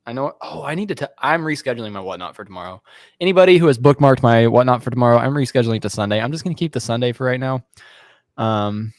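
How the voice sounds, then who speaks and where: A man's voice: mid-range voice, lively intonation, fast talker, no room sound. Man co-host with a dry, close sound, casual and full of fillers. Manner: casual, filler-heavy, saying "like" and "bro" a lot. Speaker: co-host of a live reselling stream. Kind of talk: casual livestream chat.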